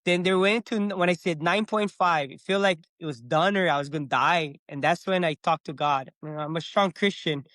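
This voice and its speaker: This is a middle-aged man on a podcast, speaking a bit high at normal speed with few pauses and no echo. As a guest, he casually and animatedly narrates his own story, playing out the lines he spoke back then.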